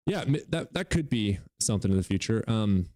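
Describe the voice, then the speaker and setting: A man's voice: on the low side, expressive, brisk, dark tone, no echo. A man hosting a livestream, chatting casually and profanely while reading out viewer comments. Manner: profane, joking, reads viewer comments aloud. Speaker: livestream host reading chat. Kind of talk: casual chat.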